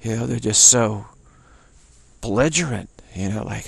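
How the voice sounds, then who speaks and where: A man's voice: fairly low pitch, a little slow, no room sound. An American man talking in a rambling monologue, emphatic and repetitive, with many restarts. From United States. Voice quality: gravelly, husky. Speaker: speaker sharing personal views.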